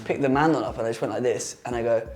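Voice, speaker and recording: A man's voice: mid-range voice, fast, a little mellow, soft background music. A man with a British accent co-hosting a casual chat in an office, telling anecdotes animatedly and laughing through them. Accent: British English. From Britain. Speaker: co-host.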